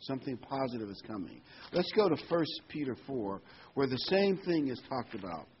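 A man's voice: mid-range voice, sing-song, a little hiss or hum. Emphatic male preacher, lo-fi sound. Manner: emphatic, with sudden stresses and slowed key phrases. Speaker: pastor. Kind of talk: sermon.

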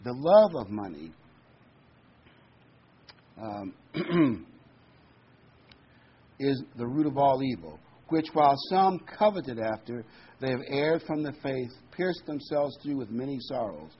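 A man preaching a sermon, talking conversationally and slowing down to read scripture with emphasis. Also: mid-range voice, animated, breathy edge. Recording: dull lo-fi recording with faint noise.

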